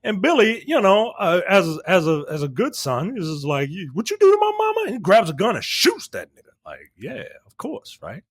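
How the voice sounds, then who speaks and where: A man's voice: high voice, big pitch swings, moderate pace, hardly any pauses, husky, no room sound, clean studio sound. A man co-hosting a casual movie review chat, retelling scenes with profane jokes and acting out the characters' lines. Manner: profane, joking. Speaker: podcast co-host.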